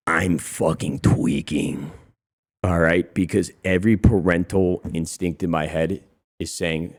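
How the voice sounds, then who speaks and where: A man in his thirties hosting a show, telling a story in a casual chat, animated and profane, calling listeners bro. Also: deep voice, slow. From lives in Texas. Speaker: podcast host.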